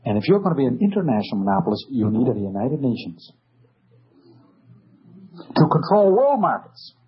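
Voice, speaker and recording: A man's voice: medium pitch, very animated, moderate pace, husky. A man giving a sarcastic, emphatic political lecture full of rhetorical questions, on a dull old recording. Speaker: speaker.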